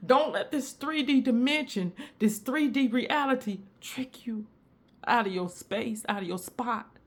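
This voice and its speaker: A woman delivers an inspirational message in a preacher's rolling cadence. Her voice sits a little high, and she hammers each point home by repeating it. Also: measured pace. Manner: emphatic, repetitive, preacher-like cadence. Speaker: spiritual content creator.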